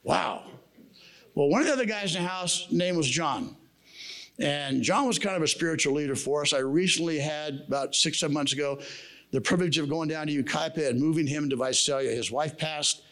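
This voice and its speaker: A man's voice: on the high side, brisk, a bit bright. A man giving a sermon at a men's camp, telling a personal story in a casual, slangy way. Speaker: camp speaker. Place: camp meeting room.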